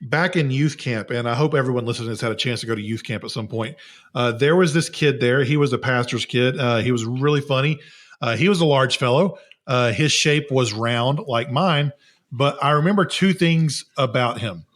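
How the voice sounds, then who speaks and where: A man's voice: mid-range voice, normal speed, fairly bright tone. A man in his thirties co-hosting a casual faith podcast, wry and joking as he tells stories. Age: 30s. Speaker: podcast co-host.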